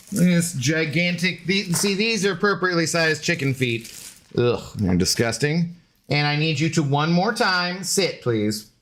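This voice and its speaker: A man with a fairly high, bright and forceful voice, rambling casually through a livestream. He jokes with his dog and calls out to viewers in loose, unscripted talk. A faint hiss sits under the voice. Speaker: game streamer.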